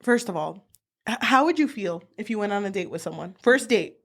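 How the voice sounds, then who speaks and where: Young woman co-host, casual book-chat podcast, laughs often, mid pitch, loose and swearing. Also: a little fast. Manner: laughing, swearing, animated retelling.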